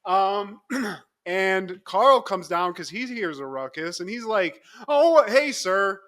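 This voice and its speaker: A young man with a high, bright voice cheerfully retells a TV episode for his co-host. He talks in an animated way, laughs often and slips into quick impressions of the characters. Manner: animated storytelling, acts out quotes, laughs often. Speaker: podcast co-host. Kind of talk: casual chat recapping a TV episode.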